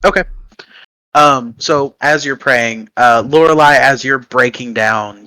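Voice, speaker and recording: A man narrating as dungeon master for a tabletop game on a live stream, lively and descriptive with many fillers. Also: mid-range voice, unhurried, dry recording, poor audio.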